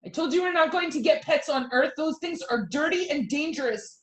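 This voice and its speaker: A woman voicing a panicky, bossy alien mother who yells at her children to lock the doors and buckle up, heard over a video call. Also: high voice, brisk, lightly acted. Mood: scolding. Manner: bossy, panicky, yelling at kids. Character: frantic alien mother steering a UFO family.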